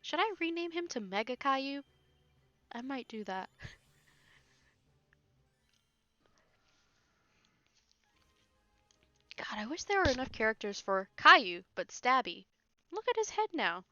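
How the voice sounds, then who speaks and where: A woman's voice: high voice, very animated, takes it slowly, long pauses, sharp tone, dry recording, lo-fi sound. A woman casually commenting on a video game she plays, teasing and wry, laughing often. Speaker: game streamer. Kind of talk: casual let's-play commentary.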